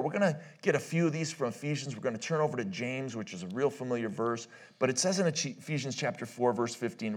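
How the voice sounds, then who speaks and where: Speaking at a church marriage conference, this middle-aged, medium-pitched man tells personal stories in a loose, halting sermon style. He frequently laughs at his own anecdotes and keeps restarting his sentences.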